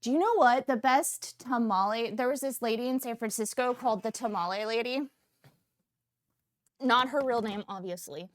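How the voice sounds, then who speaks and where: Chatty woman cooking on a livestream. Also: moderate pace. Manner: animated, chatty, frequent pitch jumps and excited outbursts. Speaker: cooking stream host. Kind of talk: casual cooking livestream chat.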